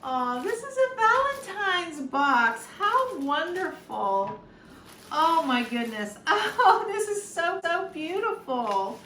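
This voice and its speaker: A woman's voice: extremely high pitch, sing-song, slow pace, pushed and bright. A woman chatting casually while unboxing a gift, gushing, gasping and exclaiming as she goes, teary and sniffling at times. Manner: gushing, gasps and exclaims often. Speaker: YouTube unboxing vlogger. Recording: roomy sound, distant mic, faint background noise.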